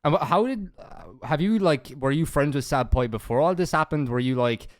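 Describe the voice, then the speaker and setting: A man's voice: a little high, animated, normal speed. An Irish man guesting on a podcast, chatty and teasing with crude jokes. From Ireland. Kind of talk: casual podcast chat.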